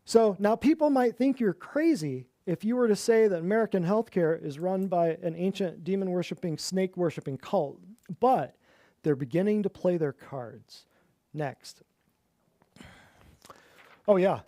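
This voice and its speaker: Sarcastic high-voiced male host. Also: unhurried, mellow, no room sound, clean studio sound. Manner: sarcastic, mocking, repeats words for emphasis. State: winded. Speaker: podcast host. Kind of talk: sarcastic monologue.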